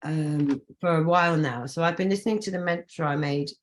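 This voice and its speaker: A woman's voice: low-pitched, brisk. A woman hosting a casual interview on a video call, talking enthusiastically in a rambling way with many restarts. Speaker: host and singer-songwriter.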